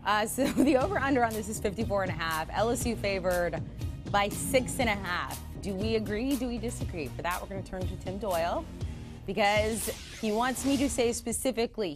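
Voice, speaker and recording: A woman's voice: on the high side, normal speed. Playful woman hosting a sports show over music. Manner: light, playful, hands off to analysts. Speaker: studio host.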